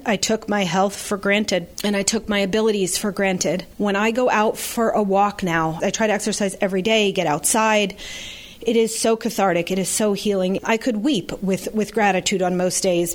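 Earnest woman telling her story. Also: medium pitch. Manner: earnest, reflective, speaks of faith and gratitude. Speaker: interview guest. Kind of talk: personal story in a podcast interview.

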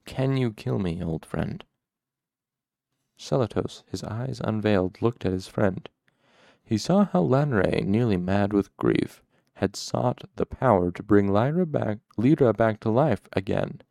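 A man reading a fantasy novel aloud as an audiobook narrator, measured and steady. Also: on the low side, vocal fry, no room sound.

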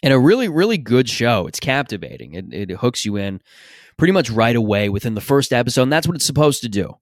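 A man's voice: medium pitch, big pitch swings, quick pace, no echo, clean studio sound. A man hosting a podcast in a casual, rambling, opinionated monologue, swearing freely. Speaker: podcast host.

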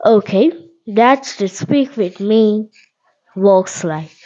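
A woman hosting a spoken English lesson podcast, talking in halting, repetitive simple phrases and checking in with "okay?". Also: mid-range voice, darkish tone, muffled recording. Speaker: podcast host and English teacher.

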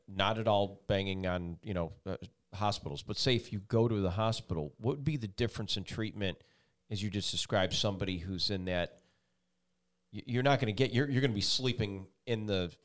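Rambling enthusiastic male talk show host. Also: on the low side. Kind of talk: casual interview.

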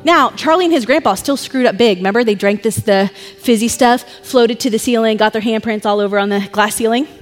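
A woman pastor giving a sermon, telling a story with animated, chatty asides. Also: fairly high pitch, brisk, hardly any pauses, soft background music. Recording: long reverb in a hall.

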